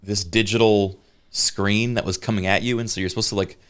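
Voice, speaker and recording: Deep-voiced man chatting on a podcast. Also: steady tone, fairly bright tone, clean tone. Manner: halting, searching for words. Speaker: podcast co-host. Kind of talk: casual chat.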